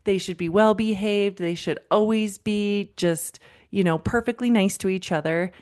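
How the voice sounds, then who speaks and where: A woman in her thirties, a counselor hosting a parenting podcast, talks warmly and directly to the listener, calling them "friend" as she retells conversations with clients. Her mid-range voice moves at normal speed and sounds a little mellow and clean.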